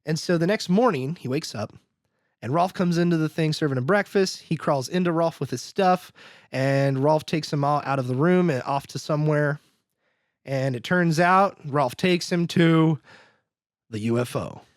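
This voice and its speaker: A man with a slightly high voice at normal speed hosts a podcast, recapping a film in rambling casual chat stuffed with "like" and acted-out quotes. The sound is studio quality with no echo.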